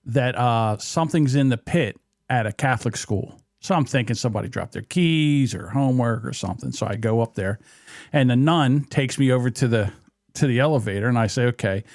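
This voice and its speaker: A man's voice: mid-range voice, dry recording, clean studio sound. A man co-hosting a podcast in casual chat, telling a story with a lot of swearing and laughter. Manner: animated storyteller, swears freely, laughs through his own story. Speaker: podcast co-host.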